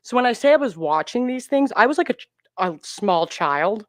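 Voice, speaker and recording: A woman guest on a movie podcast, telling stories in an animated, excitable way. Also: fairly high pitch, normal speed, no room sound, studio quality. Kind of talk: casual podcast chat.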